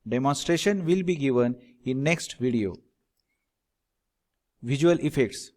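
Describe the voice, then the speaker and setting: A man's voice: mid-range voice, a little slow, darkish tone. A middle-aged man, giving a recorded lecture over slides and speaking directly to viewers as a teacher trainer. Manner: instructive, addresses viewers directly.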